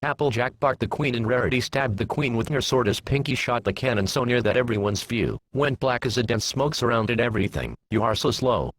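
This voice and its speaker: A man narrating a fan fiction story in a plain, steady reading voice. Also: mid-range voice, fairly quick, hardly any pauses.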